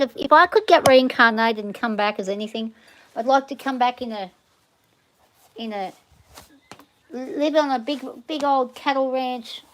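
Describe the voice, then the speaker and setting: Australian woman, hobby farmer, rambling easygoing vlog chat outdoors, slightly high voice. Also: rough recording. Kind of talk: casual vlog chat while doing farm chores. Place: outdoors on a small hobby farm.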